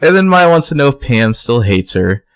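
A man's voice: medium pitch, moderate pace, clean tone, no room sound. A man co-hosting a podcast, casually retelling scenes and acting out lines from the characters. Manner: relaxed storytelling, acts out quotes. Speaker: podcast co-host. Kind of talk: casual recap chat.

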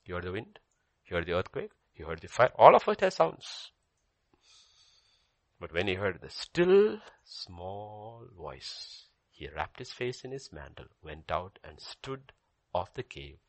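An older man preaching a sermon as pastor, swinging between loud emphasis and soft near-whispers and repeating key phrases. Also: low voice, big pitch swings, moderate pace, long pauses, dry recording.

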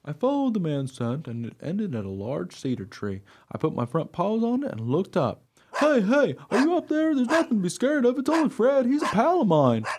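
A man playing an eager, excitable dog. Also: normal speed, heavily acted. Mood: excited. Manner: eager and excitable, voice leaping high when talking. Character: friendly male dog telling his own story. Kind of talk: radio play narration.

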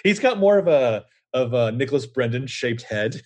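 A man co-hosting a podcast over a remote call, animated and quick to jump into side notes and trivia. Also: mid-range voice. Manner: animated, jumping into tangents and trivia. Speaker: podcast co-host. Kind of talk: casual chat. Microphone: remote call setup.

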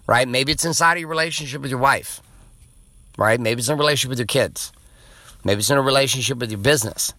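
A middle-aged man hosting a podcast, telling a story in a blunt, profane, animated casual monologue. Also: medium pitch, quick pace, dry recording. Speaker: podcast host.

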